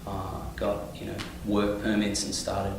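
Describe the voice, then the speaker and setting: A man with an Australian accent, a touring singer-songwriter, chatting in a relaxed, rambling way with many fillers. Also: fairly low pitch, unhurried, gravelly, background noise. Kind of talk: casual interview. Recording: echoey room, mic at a distance.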